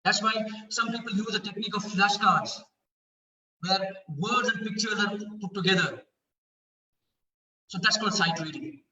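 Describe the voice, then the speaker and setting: Indian english guy talking to parents, earnest, high bright voice, echoey room a bit far off. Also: moderate pace, pauses often. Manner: earnest, explanatory, asks rhetorical questions. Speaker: parenting speaker. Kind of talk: talk to parents. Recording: dull, roomy, from a distance.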